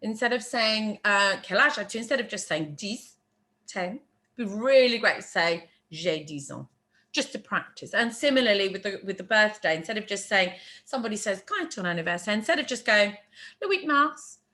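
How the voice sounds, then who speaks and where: Woman language teacher, bright voice, lively pitch, patient and slow, repeats phrases, chatty asides. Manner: chatty asides and quick apologies. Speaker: French teacher. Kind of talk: teaching a beginner language lesson.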